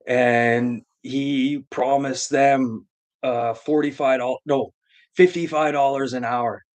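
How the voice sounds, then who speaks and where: A man spins a yarn on a live stream, swearing freely and circling back to repeat his points. His voice sits at an ordinary pitch, and his delivery is loose, crude and emphatic. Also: fairly even intonation, takes it slowly. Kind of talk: profane comedic storytelling.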